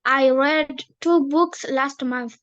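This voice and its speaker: A woman's voice: high-pitched, takes it slowly, fairly bright tone, highs cut off. A woman studying English, answering drill questions in careful full sentences. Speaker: English student.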